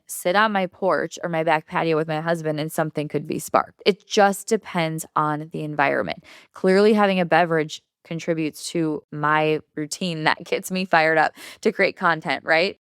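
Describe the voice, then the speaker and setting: A woman hosting a casual solo podcast, chatty and upbeat, filling her talk with "like" and quick laughs. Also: lowish voice, clean tone, dry recording, clean studio sound. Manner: chatty, upbeat, heavy use of "like", laughs often. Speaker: podcast host.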